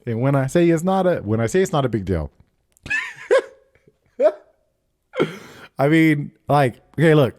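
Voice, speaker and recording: A man's voice: medium pitch, expressive, unhurried, pauses often, darkish tone. A man in his thirties hosting a podcast, telling stories in loose, profane casual chat and laughing often. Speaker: podcast host.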